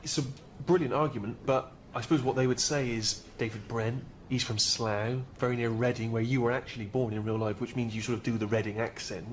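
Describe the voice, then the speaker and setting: A jittery talent agent, played by a man, hurries through his words, stumbling and deferring at every turn. He talks quickly in a mid-range voice. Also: medium pitch, fairly even intonation, slight background noise, close to an everyday voice. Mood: tentative. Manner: halting, nervous and deferential. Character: hesitant, put-upon male talent agent. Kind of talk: sitcom acting.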